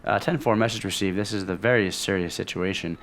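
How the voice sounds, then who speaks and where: A man's voice: deep voice, fairly quick, slight background noise. A man casually commenting on a video game as he plays, reading its dialogue aloud between offhand remarks. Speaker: let's play host.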